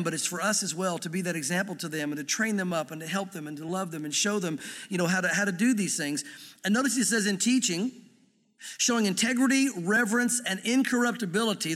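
High-voiced preacher man in a reverberant hall. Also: brisk. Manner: earnest, conversational preaching with gentle humor. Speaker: pastor. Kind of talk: sermon.

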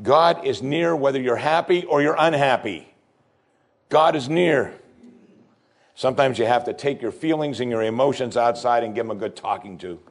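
A male pastor delivering a sermon, preaching emphatically with pitch that climbs and falls. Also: normal speed, gravelly.

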